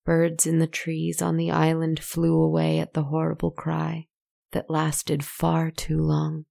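Female storyteller, deep and dark-toned, even delivery, hushed asides to the listener. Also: unhurried, vocal fry. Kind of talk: scripted story narration. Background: faint music.

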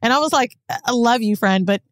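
A woman co-hosts a podcast and tells personal stories in casual chat. She speaks candidly and with animation. Her voice sits fairly high and sounds dry and close to the mic. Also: a little fast, no echo. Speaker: podcast co-host.

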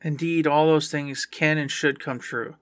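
A man's voice: on the high side, steady tone, unhurried, no echo, studio quality. A man co-hosting a casual podcast, emphatic and joking, with hype-man energy. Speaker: podcast co-host.

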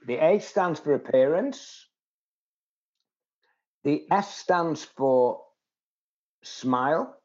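Animated older man telling stories, lo-fi. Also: a little high. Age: 70s. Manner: animated storyteller, acts out quotes. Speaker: guest. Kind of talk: interview conversation.

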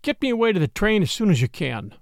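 A man voicing a distraught young gentleman in an audiobook, pleading urgently. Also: high voice, sing-song, quick pace, gravelly, no echo, clean studio sound, heavily acted.

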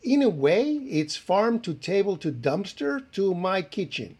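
A man playing a proud male chef who speaks with a put-on French accent and hesitant, halting delivery in an improvised comedy podcast bit. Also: high voice, sing-song, a little mellow, breathy edge, heavily acted. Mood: smug. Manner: halting, full of "uh" pauses. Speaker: guest chef.

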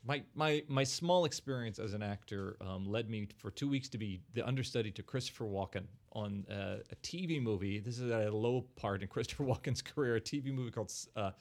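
A man's voice: lowish voice, brisk, few pauses. A middle-aged man hosting a casual chat podcast, telling an anecdote and laughing as he talks. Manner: anecdotal storyteller, laughs while talking.

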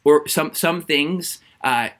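A man with a bright, forward voice talks as a guest in an interview, laying out his ideas earnestly. He often backs up, restarts sentences and fills pauses with "uh". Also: on the high side. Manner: thoughtful, earnest, frequent restarts and fillers. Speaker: author and guest. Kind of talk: conversational interview.

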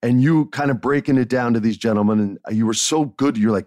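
A man in his forties hosting a podcast, telling stories in a casual, animated way and swearing freely. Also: medium pitch, brisk, no room sound. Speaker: podcast host. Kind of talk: casual interview chat.

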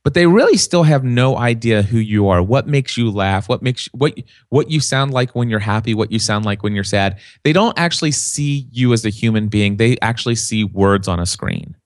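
Animated man telling stories, dry close sound. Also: lowish voice, normal speed, hardly any pauses, no room sound. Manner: animated storyteller, acts out quoted voices. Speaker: podcast guest, podcasting consultant. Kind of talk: casual podcast conversation.

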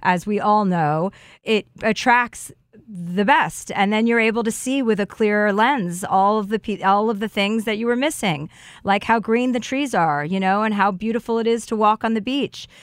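A woman's voice: mid-range voice, moderate pace, smooth, no room sound, studio quality. A woman chatting openly and emotionally about healing and love as a podcast guest. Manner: emotional, effusive, warm-hearted talk of healing. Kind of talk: casual heartfelt chat.

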